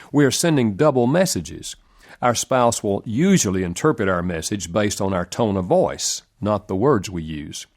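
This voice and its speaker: A man reading a relationship self-help audiobook in a measured, earnest narration with lively rises in pitch.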